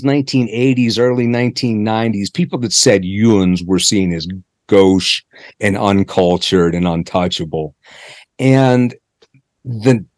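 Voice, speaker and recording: A man's voice: medium pitch, no echo, studio quality. A man from the Pittsburgh area, an author being interviewed, who tells long stories with asides and restarts. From Pittsburgh area, United States. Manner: chatty storyteller, many asides and restarts. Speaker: author guest. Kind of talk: conversational interview.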